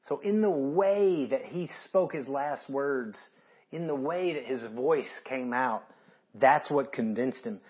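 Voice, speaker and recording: A man's voice: mid-range voice, takes it slowly, highs cut off. A man preaching a sermon in an earnest, emphatic way, reading scripture aloud. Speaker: pastor.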